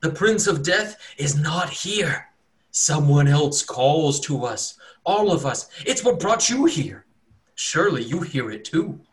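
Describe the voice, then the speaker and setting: A man's voice: fairly high pitch, lively intonation, takes it slowly, pitched above the performer's own voice. A man voicing a raving, unwashed male cultist hermit who pleads frantically to be cleansed. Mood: pleading.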